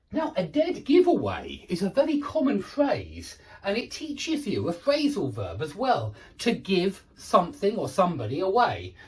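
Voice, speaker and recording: Lively male English teacher explaining phrases. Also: high voice. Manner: explains slowly with many restarts and "um"s; checks in with "okay?" and "yeah". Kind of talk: online vocabulary lesson.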